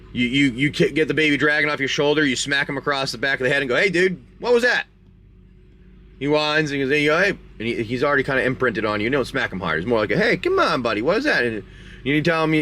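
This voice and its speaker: A man's voice: mid-range voice, bright, forceful tone. A man hosting a live stream, chatty and rambling as he narrates a tabletop game and opens card packs. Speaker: game master and card-break host.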